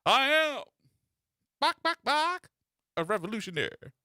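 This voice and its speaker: A man putting on a high squawking revolutionary bird. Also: very animated, a little slow, pushed and bright, dry recording, studio quality, exaggerated voice. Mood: proud squawking. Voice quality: clucking squawks. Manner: proud, declaiming. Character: loud squawking male bird, self-proclaimed revolutionary.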